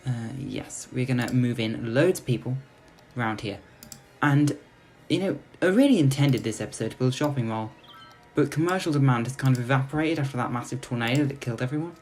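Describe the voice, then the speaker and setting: A man's voice: medium pitch, darkish tone. Sarcastic man ranting over gameplay. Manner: sarcastic, mock-tyrannical ranting at his citizens. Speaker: let's play host. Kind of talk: gameplay commentary.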